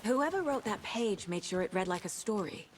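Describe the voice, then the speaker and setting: An actress voicing a calm, focused woman detective in a video game, speaking in a measured, analytical way. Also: mid-range voice, a little hiss or hum, natural voice.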